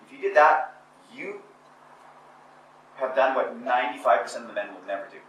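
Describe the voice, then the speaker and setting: A man giving a live motivational talk to an audience, emphatic and repetitive, building to forceful exhortation. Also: medium pitch, lively intonation, brisk. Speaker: motivational speaker. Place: indoor conference or seminar room. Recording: echoey room, voice picked up from a distance with faint noise.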